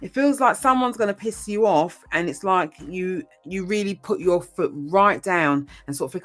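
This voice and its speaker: A woman's voice: lowish voice, moderate pace, fairly bright tone, faint music behind. A woman giving a casual tarot reading, chatty and rambling, with frequent ums and mild swearing. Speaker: tarot reader.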